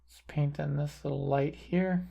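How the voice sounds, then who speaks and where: A man calmly talking through a portrait painting tutorial, thinking aloud as he paints. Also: fairly high pitch, vocal fry, husky. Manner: calm, unhurried, thinking aloud while painting. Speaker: painting instructor. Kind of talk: relaxed painting tutorial narration.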